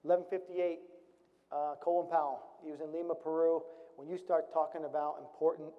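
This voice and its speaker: A man's voice: fairly high pitch, little pitch movement, brisk. A middle-aged man, a retired Marine officer, telling a serious story from his service in a storytelling talk, with wry, dry humor. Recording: dull recording with long hall reverb.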